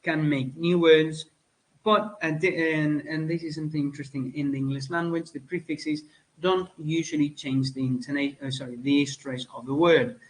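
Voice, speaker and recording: Man, lecturing, fairly high voice, halting, lots of ums. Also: fairly even intonation, low-quality recording. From Spain. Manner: hesitant, many fillers and self-corrections. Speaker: teacher. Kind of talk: spoken lecture.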